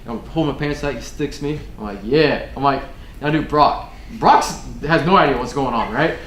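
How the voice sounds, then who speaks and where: A man in his thirties giving a casual briefing to an audience, telling stories in a laid-back, rambling way that turns loud and laughing in the funny parts. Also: medium pitch, fast talker, reverberant, a little hiss or hum. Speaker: military speaker giving a resiliency briefing. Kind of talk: casual storytelling talk to an audience. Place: room with an audience.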